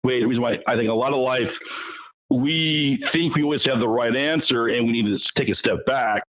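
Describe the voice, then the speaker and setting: A man as interview guest, telling stories in an animated way and acting out what people said. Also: medium pitch, fairly quick. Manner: animated, acts out quotes, frequent restarts. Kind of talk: casual storytelling interview. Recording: muffled lo-fi audio.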